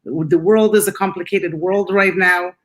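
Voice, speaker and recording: A woman's voice: lowish voice, steady tone, a little slow, fairly bright tone. Enthusiastic woman hosting an interview. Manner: emphatic, enthusiastic, repeats words when starting sentences. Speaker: podcast host and retreat leader. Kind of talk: conversational interview.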